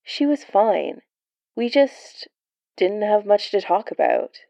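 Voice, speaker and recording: A weary, soft-spoken young man, as a woman reading a story puts him on. He talks in a tired, quiet, subdued way. The voice is gravelly, dark and slow. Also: mid-range voice, sing-song, no room sound, highs cut off, exaggerated voice.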